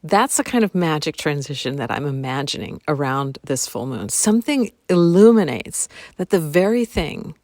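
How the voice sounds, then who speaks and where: A woman's voice: low-pitched, animated, normal speed, few pauses, a little mellow, no room sound, clean studio sound. A woman hosting her own solo podcast, musing aloud and repeating phrases, sometimes dropping into a whisper. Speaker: podcast host. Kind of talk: reflective solo podcast monologue.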